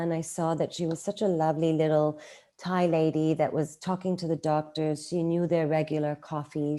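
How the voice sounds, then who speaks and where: A middle-aged woman telling a personal story in a casual interview, animated and acting out quoted lines. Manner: animated, acts out quoted lines with raised pitch. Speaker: guest.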